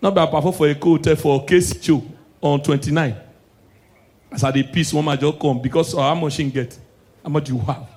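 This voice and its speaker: A young man with a Nigerian accent doing live stand-up comedy, excitable and shouting his punchlines. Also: a little high, a little fast.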